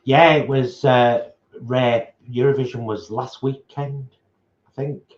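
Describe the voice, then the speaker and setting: A man's voice: mid-range voice, steady tone, takes it slowly. A man co-hosting a casual livestream, playful and jokey while reading out viewer comments. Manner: playful, jokey, tries out silly accents. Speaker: co-host of a vegan livestream. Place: home, at a table while eating. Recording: echoey room, slightly dull sound.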